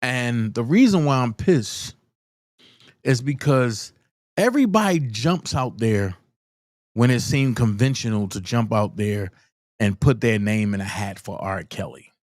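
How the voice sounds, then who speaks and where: A man hosting a live commentary stream, giving shout-outs to viewers and then speaking bluntly and heatedly, repeating his points for emphasis. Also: medium pitch, lively intonation, measured pace, dry recording, studio quality.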